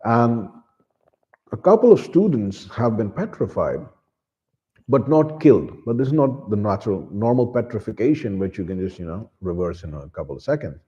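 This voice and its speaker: A man with a low, mellow voice retells a story's plot in a loose, rambling way, stopping to restart his sentences. The recording is dull and lo-fi. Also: sing-song, moderate pace. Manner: rambling, with many restarts and fillers. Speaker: book reviewer.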